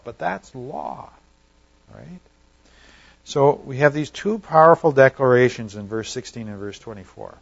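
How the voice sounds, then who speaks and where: A man teaching through a Bible passage, talking plainly and often pausing to ask whether his listeners follow. His voice sits at an ordinary middle pitch, and the recording is a little dull and muffled. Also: expressive, vocal fry, breathy edge. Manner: conversational, checks in with listeners, often trails off quietly. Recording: slightly dull, lo-fi sound.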